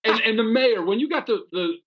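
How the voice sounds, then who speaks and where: Eager high-voiced man on a muffled line. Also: animated, fairly quick. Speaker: podcast host. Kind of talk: casual interview questions.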